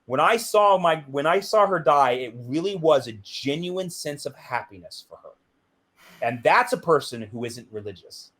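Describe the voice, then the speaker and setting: Middle-aged male interview guest, lively storyteller, slightly high voice. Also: moderate pace. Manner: animated, acts out quoted dialogue with big pitch jumps.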